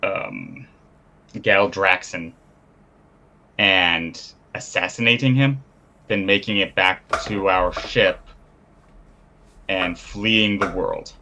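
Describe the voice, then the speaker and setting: A man playing in a live-play tabletop game, speaking in a measured, formal, halting way. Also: deep voice, pushed and bright, a little hiss or hum. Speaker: player.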